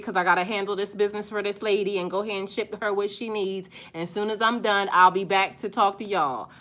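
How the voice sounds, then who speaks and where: A middle-aged woman hosts a spiritual live stream, talking back bluntly and with sass to viewers' comments, and her voice climbs loud and high whenever she gets worked up.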